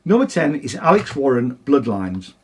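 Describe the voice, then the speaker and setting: A man's voice: medium pitch, big pitch swings, moderate pace, darkish tone, breathy edge. A man, co-hosting a music podcast, chatting casually and giving opinionated takes. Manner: opinionated, chatty, frequent restarts. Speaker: podcast co-host. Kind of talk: casual chat.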